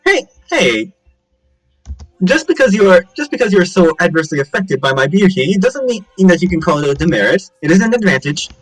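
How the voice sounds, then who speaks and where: A man's voice: high-pitched, very animated, quick pace, hardly any pauses, a bit bright, pitched above the performer's own voice, low-quality recording. Vain charming heroine, as a man puts her on. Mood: vain, indignant. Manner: preening, self-assured. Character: vain charming young woman adventurer.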